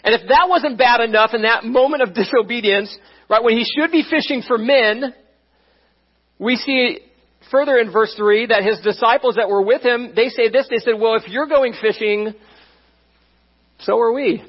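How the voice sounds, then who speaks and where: A man preaching a sermon as pastor, animated and conversational, often checking in with his listeners. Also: very high voice, normal speed, lo-fi sound.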